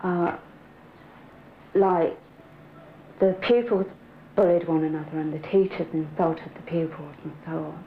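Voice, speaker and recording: A woman's voice: fairly low pitch, reverberant, dull audio, a little hiss or hum. A woman with a Sheffield accent speaking frankly and thoughtfully in a documentary conversation. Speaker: interviewee.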